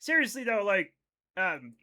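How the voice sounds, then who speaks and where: A man's voice: sits high, sing-song, a little slow, pushed and bright. An American man in his thirties streaming a game live, joking casually and reading chat aloud. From United States. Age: 30s. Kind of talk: casual chat while gaming.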